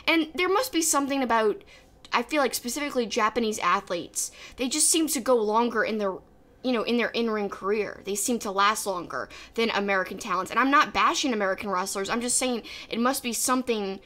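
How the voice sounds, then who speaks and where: A woman co-host talks in a relaxed podcast chat. She is animated and emphatic, with a voice pitched somewhat high. She argues her points firmly. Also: a little fast. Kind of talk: casual wrestling podcast chat.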